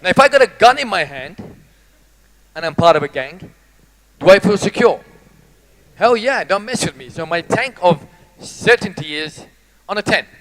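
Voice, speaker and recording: A man giving a lively, jokey motivational talk to a live audience. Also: high voice, normal speed, long pauses, low-quality recording. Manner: animated, jokey, teases the audience. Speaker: motivational speaker.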